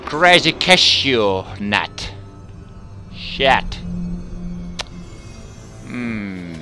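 A man giving live commentary while playing an online game, swinging between low muttering and loud outbursts, swearing and taunting opponents. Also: sing-song, extremely slow, music in the background. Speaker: gamer with facecam commentary.

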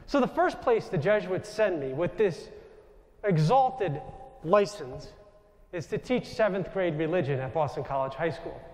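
A man in his thirties, a Jesuit priest with a New York accent, telling lively stories to a live audience. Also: high-pitched, measured pace. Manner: animated anecdotal storytelling, asides to the audience. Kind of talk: storytelling talk to a live audience. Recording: reverberant hall.

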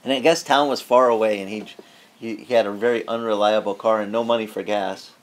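Animated storytelling pastor, man. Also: lowish voice, fairly quick. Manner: animated storyteller, acts out quoted voices; conversational with frequent restarts. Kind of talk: storytelling sermon.

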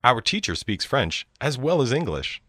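A man reading short example sentences slowly and carefully for a language lesson. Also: mid-range voice, big pitch swings, pushed and bright, no echo, clean studio sound. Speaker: sentence reader.

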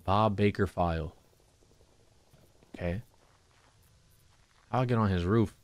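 A young man hosting a let's play, commenting crudely and jokingly, often jumping into silly high-pitched voices. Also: slow, no echo. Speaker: gaming channel host.

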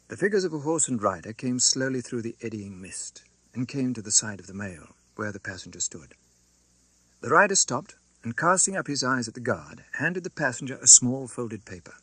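A male narrator reads a classic novel with a lively, dramatic rise and fall in his voice. His tone is bright with a faint husky edge. The recording is dry and close-miked. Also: medium pitch, brisk, no room sound. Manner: expressive, dramatic reading. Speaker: audiobook narrator.

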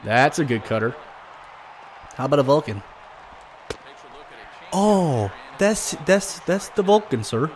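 A man commentating his own baseball video game play casually, joking and swinging from low muttering to sudden loud outbursts. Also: sing-song, slow, pauses often, slight background noise. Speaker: gaming commentator.

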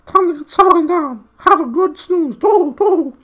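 A man voicing a sleepy, fussy male owl in a storybook, with a shrill, cooing voice. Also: a little slow, pushed and bright, full character voice. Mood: drowsy.

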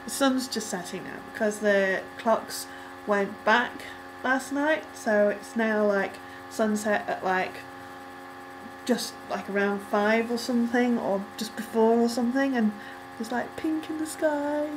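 A woman's voice: fairly high pitch, a little slow, background noise. Chatty young woman rambling through a reaction. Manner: chatty and rambling, with many ums and likes; excitable squeals when reacting. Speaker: music video reactor. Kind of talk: casual reaction vlog.

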